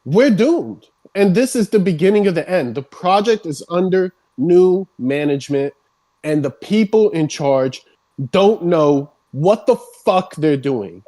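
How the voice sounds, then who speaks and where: A streamer on a heated rant who swears constantly and builds up into shouting, voice starting to crack. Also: medium pitch, animated, a little slow.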